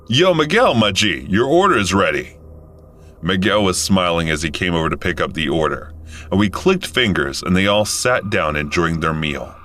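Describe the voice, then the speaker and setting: A man in his thirties narrating a first-person story in a casual, animated way. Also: sits low, slight background noise. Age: 30s.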